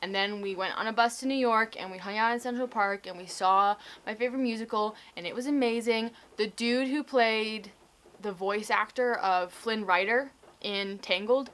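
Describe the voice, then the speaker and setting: A woman's voice: mid-range voice, normal speed, fairly bright tone. Chatty young woman vlogging. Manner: chatty storytelling with many likes and restarts. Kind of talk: casual video diary.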